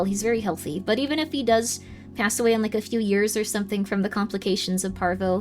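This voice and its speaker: Woman streamer, bright high voice, chatty rambler over quiet music. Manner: rambling storytelling with many "like" fillers. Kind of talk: casual livestream chat.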